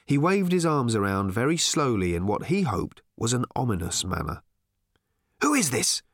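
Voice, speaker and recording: A man reading a comic novel aloud as an audiobook narrator, expressive and wry. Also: mid-range voice, moderate pace, no room sound, clean studio sound. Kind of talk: scripted narration.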